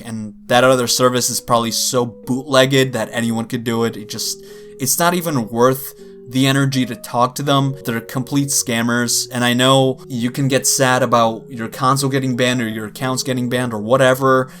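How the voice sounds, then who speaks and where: A man's voice: mid-range voice, fairly even intonation, normal speed, fairly bright tone, faint music behind. A man speaking casually to his viewers, exasperated and loose, with lots of fillers. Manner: conversational, exasperated, with frequent fillers. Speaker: gaming video creator. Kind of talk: casual rant to camera.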